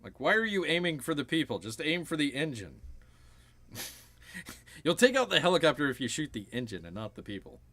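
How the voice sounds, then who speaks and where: A man hosting a relaxed watch-along, riffing wryly on the action on screen. His voice sits fairly high and swings widely in pitch as he jokes. He keeps it loose and playful. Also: normal speed, long pauses. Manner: jokey, wry, often slips into silly voices. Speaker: streamer, host. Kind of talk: casual movie watch-along commentary.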